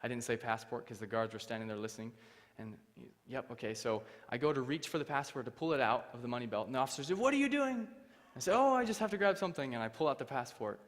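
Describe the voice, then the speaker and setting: A man's voice: medium pitch, quick pace, long reverb tail. A young man giving his testimony from a church stage. He tells the story with animation and acts out the other people's voices. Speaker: guest speaker. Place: church hall.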